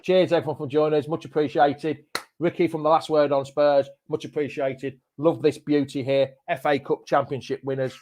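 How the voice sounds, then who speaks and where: A chatty man hosts a live fan chat show, full of matey banter. His voice sits a little high for a man, and he rattles along cheerfully. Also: little pitch movement, moderate pace, mellow, slight background noise. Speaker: host.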